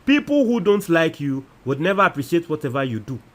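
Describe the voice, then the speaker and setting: Man, Ghanaian accent, fairly high voice, animated casual commentary, reading comments. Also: a little fast. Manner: animated, switches between Twi and English. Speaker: news show host reading viewer comments.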